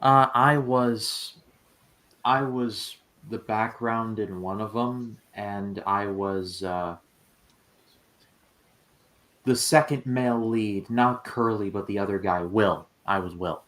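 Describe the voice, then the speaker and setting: A man's voice: fairly low pitch, slow pace, a bit bright. A man in casual chat at a watch party, teasing and stubborn in his opinions.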